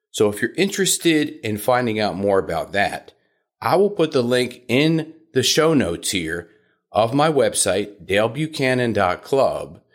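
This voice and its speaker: A man hosting a podcast as a puppy trainer, talking in an instructive monologue and sometimes mimicking shrill dog owners. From South Florida.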